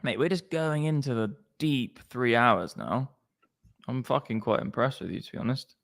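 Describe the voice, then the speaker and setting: A man's voice: mid-range voice, normal speed, creaky, a bit bright. A man hosting a casual crypto livestream, chatty and slangy, swearing freely. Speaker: crypto stream host.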